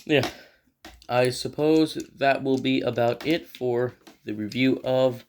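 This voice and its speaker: A man casually reviewing an action figure, rambling and thinking aloud as he handles it, often clearing his throat. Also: mid-range voice, fairly even intonation, slow, a little mellow. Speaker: toy reviewer. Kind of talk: casual toy review vlog.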